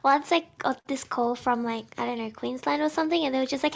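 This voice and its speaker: A woman telling a lively anecdote on a podcast over an online call. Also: sits high, fast, creaky, hardly any pauses. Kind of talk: casual podcast chat. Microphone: online call mic. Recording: noisy call audio.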